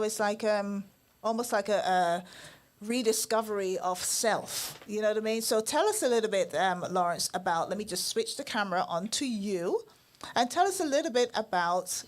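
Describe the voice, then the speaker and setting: A woman's voice: medium pitch, lively intonation, moderate pace. Bubbly chatty woman host. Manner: bubbly, chatty, laughs often. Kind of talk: casual live-stream chat. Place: indoor studio.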